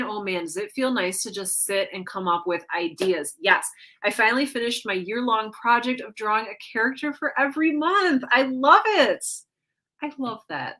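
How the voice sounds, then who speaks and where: Hosting a laid-back livestream, a woman reads out viewer comments and responds in a cheerful, playful way. Her medium-pitched voice is bright and forceful, and she jokingly pokes fun at herself, dropping frequent "like"s and "um"s.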